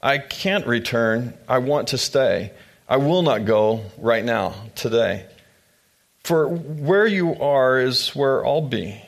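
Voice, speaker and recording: A man's voice: mid-range voice, expressive, slow pace, gravelly, voice pushed up. Man doing Ruth, a loyal young widow. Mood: devoted. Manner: rhyming storybook verse.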